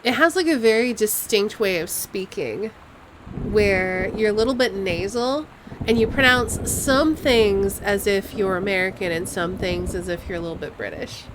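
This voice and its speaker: A woman streaming a game live, talking to herself as she pokes around and reads out clues. Her voice is even and conversational, wandering between puzzled muttering and little explanations. A faint hiss runs underneath. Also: mid-range voice, moderate pace. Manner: musing aloud, puzzling over clues.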